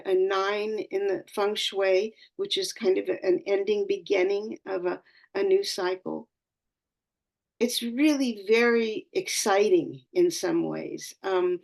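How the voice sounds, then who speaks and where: With a mid-range voice, this woman astrologer gives a sincere, spiritual talk to a community call. Her phrasing often breaks off and begins again while she searches for what to say.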